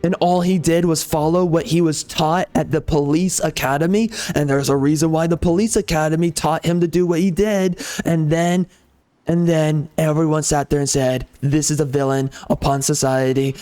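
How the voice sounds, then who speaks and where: A man's voice: on the high side, darkish tone. A man ranting off the cuff over gameplay, heated and sarcastic, often repeating himself. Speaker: gaming channel host.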